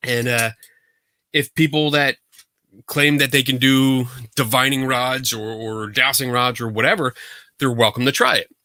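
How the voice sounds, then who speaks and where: A man hosting a podcast, telling a story in a casual, animated, rambling way from a home setup. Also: mid-range voice, a little slow, no echo, clean studio sound. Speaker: podcast host. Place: home setup for a virtual show.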